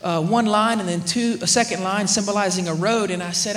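A young man preaching, telling a story with animated swings from loud to hushed. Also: high voice, a little fast, hardly any pauses. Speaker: youth preacher. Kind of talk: sermon with storytelling. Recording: echoey room, faint ambience.

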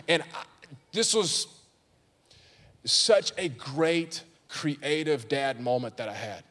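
A pastor in his thirties preaching a sermon, telling stories and rising to fervent shouts. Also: a little high, animated, slow pace, long pauses. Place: church sanctuary. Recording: long hall reverb.

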